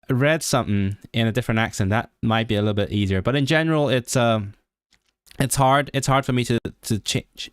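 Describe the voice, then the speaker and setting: A young man from Hong Kong with a British English accent, chatting casually on a livestream and thinking aloud in halting bursts, full of restarts and self-corrections. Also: medium pitch, fairly bright tone, clear, resonant tone, no echo, studio quality. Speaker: livestreamer and language learner.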